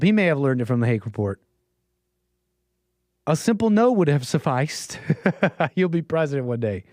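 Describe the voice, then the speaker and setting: This livestream host has a slightly high, slightly mellow voice and no room sound around him. A bit under the weather, he rambles through casual call-in commentary close to the mic, chuckling and cutting himself off.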